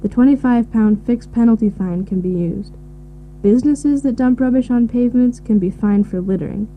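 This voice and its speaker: A woman giving measured, informative answers in a scripted listening recording. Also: a little high. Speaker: expert answering questions. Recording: tinny phone-like audio with faint hiss.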